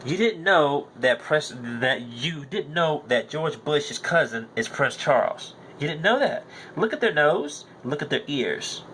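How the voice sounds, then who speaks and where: A man's voice: a little high, expressive, unhurried, few pauses, fairly bright tone, a little hiss or hum. A young man hosting a podcast, delivering a heated, profane monologue that hammers his points home through repetition. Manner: profane, ranting, repeats himself insistently. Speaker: podcast host.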